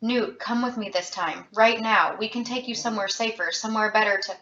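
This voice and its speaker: A woman reading as a desperate young man, pitched up and urgent as he pleads. Her voice is bright and pushed. The sound is roomy and a little dull, a lo-fi home reading of a storybook. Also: a little fast. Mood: pleading. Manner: urgent, pleading, raised higher.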